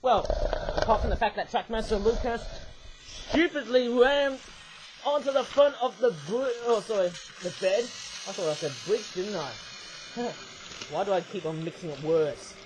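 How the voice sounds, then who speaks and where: This toy reviewer, a man with a high-pitched voice, talks at a moderate pace over background noise in a casual vlog. He rambles, corrects himself, and keeps tagging his sentences with "eh?".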